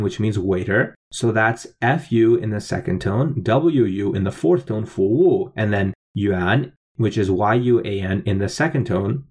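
Male teacher, low husky voice, patient step-by-step explainer. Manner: explains word by word, spelling out tones. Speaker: language teacher playing a waiter. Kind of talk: language lesson.

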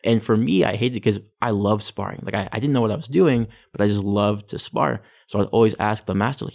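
A man's voice: lowish voice, a little fast, vocal fry, few pauses, darkish tone. A young Canadian man, a guest telling his taekwondo backstory in a chatty, casual way, full of "like" and "you know". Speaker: guest, taekwondo athlete and sports psychology practitioner. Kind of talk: casual interview storytelling.

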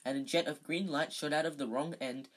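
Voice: medium pitch, steady tone, a little fast. An amateur reader reading a novel aloud casually, often stumbling and correcting themselves.

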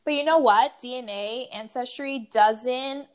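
Woman, casual podcast co-host, chatty storyteller, fairly high pitch. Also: unhurried. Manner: chatty, animated storytelling with many "like" fillers. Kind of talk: casual chat.

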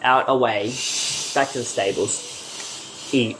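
A man's voice: medium pitch, slow, background noise. Crude joking man at the game table. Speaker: player. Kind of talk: casual tabletop role-play.

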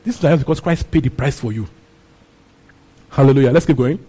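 A man's voice: mid-range voice, brisk, dark tone, husky, poor audio. A man preaching a sermon, repeating his phrases and asking the congregation questions. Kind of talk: sermon teaching on a Bible passage.

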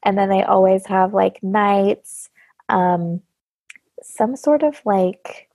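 A woman in her thirties hosts a podcast in relaxed, bubbly chat, laughing often and peppering her talk with "like." Her voice has a gravelly fry and a husky edge. The sound is dry and close. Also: mid-range voice, slow, no echo. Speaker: podcast host. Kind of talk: casual chat.

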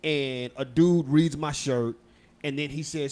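A man's voice: mid-range voice, steady tone, unhurried, darkish tone. A man from Texas co-hosting a podcast, telling stories in a loose, profane, laughing way. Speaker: podcast co-host. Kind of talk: casual chat.

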